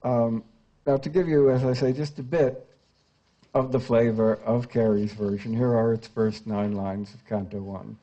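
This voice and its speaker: An older man lecturing in a scholarly, unhurried way and often pausing on "uh" between phrases. His voice has a dark, mellow tone. The sound is slightly dull and lo-fi. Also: medium pitch, fairly even intonation. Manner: scholarly, with frequent "uh" fillers, reads quoted verse aloud. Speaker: translator giving a talk.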